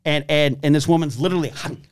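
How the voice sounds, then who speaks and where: A man telling long stories in casual chat, acting out shouted quotes as he goes. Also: a little high, quick pace, clean tone, dry recording, studio quality. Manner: animated storyteller, acts out shouted quotes. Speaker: podcast guest. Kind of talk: casual storytelling.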